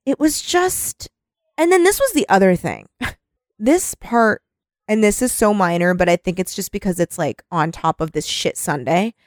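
A woman co-hosting a podcast with a lively voice that swings up and down as she riffs. She swears freely and laughs often. The sound is dry and close. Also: medium pitch, normal speed, dry recording. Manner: animated, profane, laughs often. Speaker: podcast co-host. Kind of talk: casual podcast chat.

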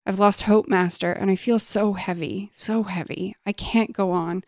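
A small, loyal horse, read aloud by a woman from a book speaks softly and heavily, with all hope gone. The voice has a slight gravelly fry, and the room is dry and close. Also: mid-range voice, fairly even intonation, moderate pace, no room sound, lightly acted. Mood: despairing. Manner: soft, heavy, despairing reading.

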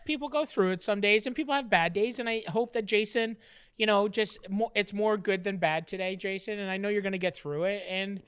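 A woman's voice: mid-range voice, a little fast, smooth. A woman co-hosting a podcast, teasing her partner in casual banter, profane and prone to restarts. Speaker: podcast co-host.

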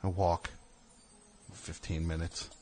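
A man's voice: low-pitched, slow pace, a little hiss or hum. A man telling a long story on a call-in show, exasperated and acting out what other people said. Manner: animated, exasperated, acts out other people's lines. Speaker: caller.

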